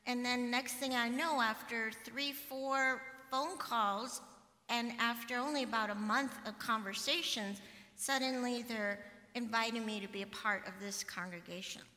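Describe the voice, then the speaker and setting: A middle-aged woman pastor giving a sermon, telling a personal story in a conversational, animated way. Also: on the high side, a little slow. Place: church sanctuary. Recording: long hall reverb from a church.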